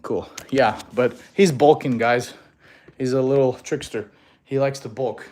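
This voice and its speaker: Steady and measured, with a medium pitch and a slightly mellow quality, this man is a fitness coach from Russia in his thirties. He's on a casual livestream reading viewer comments, still slightly winded after a workout.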